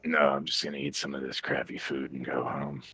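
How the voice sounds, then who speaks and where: A man playing a tabletop game, talking in a casual, deadpan way. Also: very deep voice, brisk, breathy edge. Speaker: player. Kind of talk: in-character tabletop chat.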